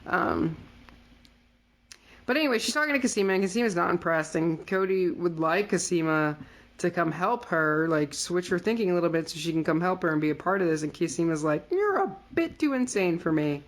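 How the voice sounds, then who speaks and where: A woman's voice: lowish voice, a little fast. A woman co-hosting a podcast, chatting casually with lots of fillers and playfully quoting characters. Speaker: podcast co-host. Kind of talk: casual recap chat.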